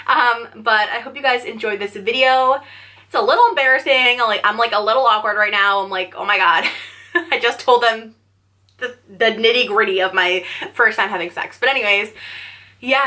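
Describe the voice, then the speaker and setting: A woman's voice: medium pitch, sharp tone. A young woman in her twenties telling a candid storytime on her vlog, chatty and full of "like". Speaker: vlogger. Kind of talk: casual storytime.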